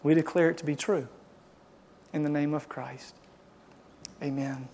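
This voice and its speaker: A male pastor preaching to a congregation and leading a prayer, swinging from loud impassioned exhortation to quiet, hushed pleading. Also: fairly high pitch, steady tone, unhurried, a little hiss or hum. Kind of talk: sermon and closing prayer. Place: church service.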